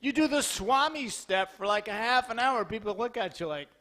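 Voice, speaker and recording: A lecturer giving a scripture class in a temple hall speaks in a very high voice at a moderate pace, delivering a lively sermon. He tells humorous stories and acts out the dialogue, then turns urgent and exhorts his listeners to keep up their enthusiasm.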